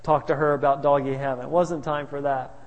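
A man's voice: fairly high pitch, level tone, fairly quick, highs cut off. A male pastor telling stories in a sermon, humorous and anecdotal with chuckling asides. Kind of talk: sermon storytelling. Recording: reverberant hall.

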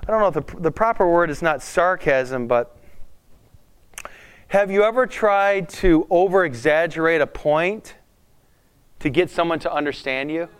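A man gives a conversational sermon, preaching to a congregation and firing questions at them with animated energy. His voice sits a little high for a man and is smooth and clear. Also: a little slow, long pauses. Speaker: pastor.

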